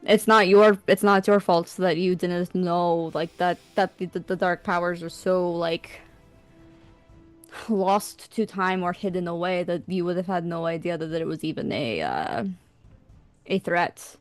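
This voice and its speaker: A woman playing a character in a tabletop game, talking earnestly and haltingly with many fillers. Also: fairly low pitch, no room sound, faint music behind. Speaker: player. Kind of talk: in-character tabletop role-play.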